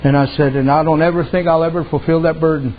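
A man preaching with a high, light voice, spinning folksy stories from the pulpit and putting on the voices of the people in them. The recording is dull and lo-fi, with a faint hiss of noise underneath. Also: fairly even intonation, quick pace. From Native American reservation community. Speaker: pastor. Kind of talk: sermon.

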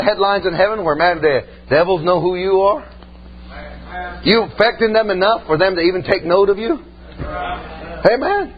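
A man's voice: high voice, slightly rough, lo-fi sound. A male pastor preaching a storytelling sermon in a church, folksy and punctuating with amen. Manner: folksy, exclaims amen often, laughs at own stories.

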